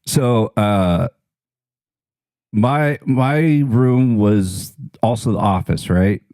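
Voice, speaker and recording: A man's voice: on the low side, drawn-out words, a little mellow, dry recording. Swearing, rambling man. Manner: rambling, swears freely, laughs at own story. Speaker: podcast guest. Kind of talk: casual storytelling.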